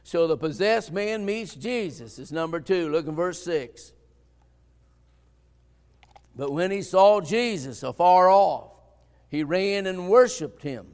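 A man preaching a sermon as pastor, folksy and conversational, building to fervent shouts. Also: sits high, expressive, measured pace, big-room sound.

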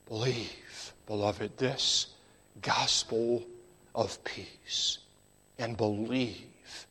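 A man preaching a sermon in a measured, emphatic style, sometimes dropping to a near whisper for emphasis. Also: medium pitch, fairly bright tone.

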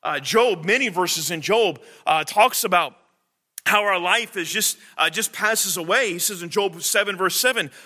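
Man, preacher, high bright voice, earnest sermon, halting fillers.

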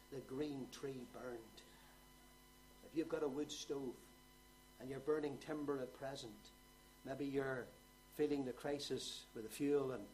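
A man preaching a sermon, moving from quiet explanation to loud, rising exhortation. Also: mid-range voice, slight background noise, poor audio.

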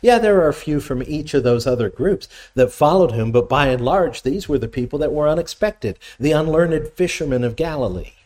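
A man's voice: fairly high pitch, expressive, a little fast, few pauses, a little mellow. Man preaching a conversational sermon. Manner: conversational teaching with questions to the congregation; reads scripture aloud between explanations. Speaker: pastor.

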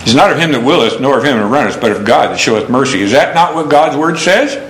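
A man's voice: medium pitch, animated, quick pace, fairly bright tone, roomy sound, rough recording. A man preaching a sermon, quoting scripture and telling homespun stories in a folksy manner. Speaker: pastor.

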